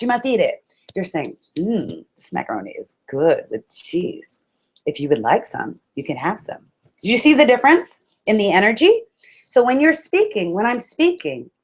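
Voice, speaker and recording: A woman motivational speaker in a webinar, talking to her listeners like friends. Her voice sits a little low, and her delivery is animated and expressive, with sudden exclamations. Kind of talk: webinar talk on public speaking.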